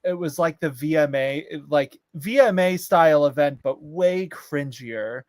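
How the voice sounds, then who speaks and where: This is a man co-hosting a laid-back chat show. His voice sits a bit high for a man. He rambles and rants freely and leans on filler words, and the sound is dry with no room echo. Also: measured pace. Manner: ranting, exasperated. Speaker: podcast co-host. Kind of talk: casual chat.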